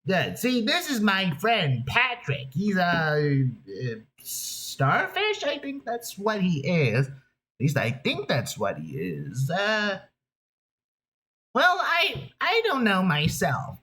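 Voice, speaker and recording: A man voicing a wacky cartoon sea sponge, with a high, nasal, excitable voice that swoops and rambles. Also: full character voice.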